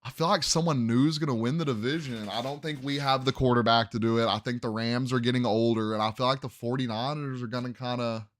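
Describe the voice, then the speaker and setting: A man's voice: mid-range voice, steady tone, fast talker, few pauses, no room sound, clean studio sound. A young man hosting a sports podcast, casually running through game predictions and thinking aloud as he second-guesses his picks.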